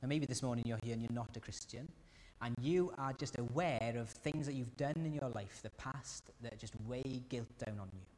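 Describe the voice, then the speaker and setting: A man preaches in an earnest voice of middling pitch, pressing his listeners with question after question. His words ring out with a long reverb, as in a large church hall. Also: moderate pace, a little mellow. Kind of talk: sermon.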